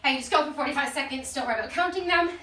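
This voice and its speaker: A woman's voice: high-pitched, very fast, bright, forceful tone, slight background noise. A woman leading a follow-along workout, out of breath, counting reps aloud and cheering the class on. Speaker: fitness instructor. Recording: roomy sound from a distance.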